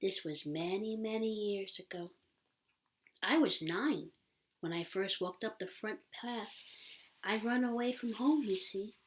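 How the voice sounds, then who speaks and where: A woman voicing a weary old woman in a storybook reading, speaking in a hoarse, tearful whisper. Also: medium pitch, a little slow, lightly acted. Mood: sorrowful whisper. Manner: breathy whispering, tearful pleading.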